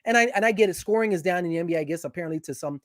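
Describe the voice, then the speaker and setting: A man guesting on a sports show, giving strong opinions in casual, animated chat, often restarting his sentences. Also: high-pitched, rapid-fire, dry recording, studio quality.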